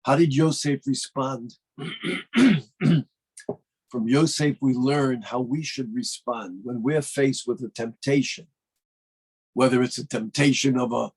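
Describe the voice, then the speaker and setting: Husky man preaching a fervent sermon. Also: medium pitch, a little mellow, rough recording. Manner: emphatic, rising to fervent declarations. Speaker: rabbi.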